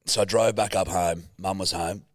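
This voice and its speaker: A man's voice: sits low, fairly even intonation, moderate pace, dry recording. A young Australian man in casual podcast chat, telling a story in a laid-back way and swearing often. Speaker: podcast co-host.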